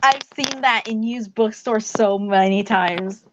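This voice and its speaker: A woman's voice: medium pitch, a little slow, lo-fi sound, very noisy. A woman co-hosting a casual livestream, chatty and giggling often. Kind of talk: casual horror movie chat.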